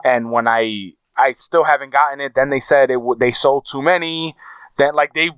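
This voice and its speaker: A man co-hosts a casual podcast with a smooth, resonant voice and tells long, rambling stories full of swearing, acting out each quote in his own voice. The sound is dry and a little dull, with the top end rolled off. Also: medium pitch, moderate pace, a bit bright, no room sound. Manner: profane, storytelling, acts out quotes. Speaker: podcast co-host.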